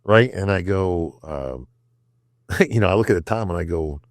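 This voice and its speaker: With a low-pitched voice and a measured pace, an older upstate New York man tells casual stories on a podcast as a guest. He's animated, acting out quotes and frequently saying "bro" and "right?" The studio sound is clean, with no room sound.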